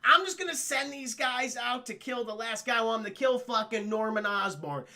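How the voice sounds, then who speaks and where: A man's voice: very high-pitched, lively intonation, normal speed, sharp tone, pitched above the performer's own voice, heavily acted. A man putting on the voice of a vengeful young male cartoon inventor who makes blunt, bitter threats.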